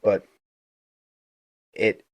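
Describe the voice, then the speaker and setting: A middle-aged man with a low, gravelly voice speaks very slowly, recorded dry. He tells a personal story casually and earnestly, acting out the dialogue and often restarting his phrases.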